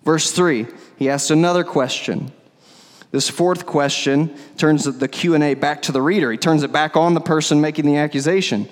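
A man's voice: a little high, normal speed. A man preaching a sermon as pastor, conversational and emphatic, often repeating words for stress. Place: church sanctuary. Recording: long hall reverb.

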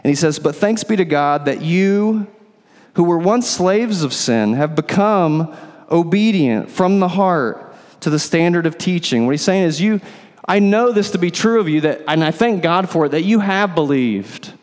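A man's voice: on the high side, expressive, normal speed, a little mellow. Man preaching in a reverberant hall. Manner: explanatory preaching with rhetorical questions. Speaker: pastor. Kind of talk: sermon.

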